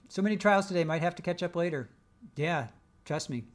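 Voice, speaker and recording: Brisk and on the high side, a male livestream host works through viewer comments in a relaxed way. He keeps up teasing jokes and laughs a lot.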